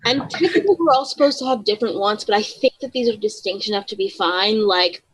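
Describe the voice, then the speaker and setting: A woman running a tabletop role-playing game, chatty with many ums and quick asides. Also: medium pitch, husky, dry recording, low-quality recording. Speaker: game master.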